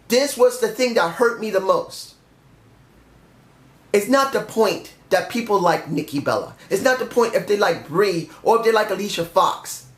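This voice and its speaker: Frustrated man ranting in an echoey room. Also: sits high. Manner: frustrated, ranting, stumbles and corrects himself. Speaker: wrestling show reviewer. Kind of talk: solo review rant.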